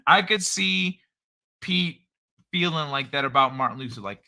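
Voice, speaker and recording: A man's voice: fairly high pitch, expressive, unhurried, gravelly, pauses often, sharp tone. A man hosting a live stream, chatting loosely and profanely in a rambling, joking way. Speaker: streamer host. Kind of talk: casual live-stream chat.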